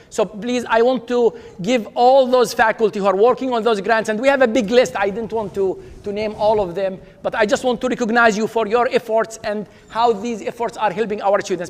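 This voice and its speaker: High-voiced man hosting an awards ceremony. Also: a little fast, hardly any pauses. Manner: upbeat, leads applause, names honorees. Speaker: dean presenting awards. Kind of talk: ceremony speech. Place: large auditorium. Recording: reverberant auditorium with audience.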